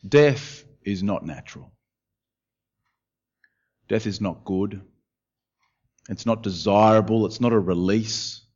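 A man preaching a sermon, sinking to hushed words and climbing to urgent questions. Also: lowish voice, takes it slowly, pauses often, dull audio. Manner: expressive preaching, dropping to hushed tones and rising to urgent questions. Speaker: pastor.

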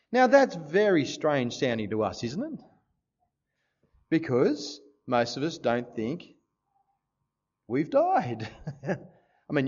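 A man preaching a sermon to a congregation, lively and joking, often asking his listeners questions. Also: medium pitch, highs cut off. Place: church service before a congregation.

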